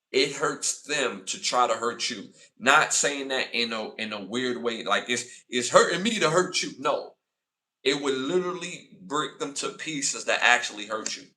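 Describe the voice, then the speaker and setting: A man's voice: medium pitch, far from the mic. A man hosting a live podcast, talking casually to his chat and repeating points for emphasis. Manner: animated, repeats himself, acts out arguments in raised voice. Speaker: podcast host. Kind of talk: casual live-stream commentary.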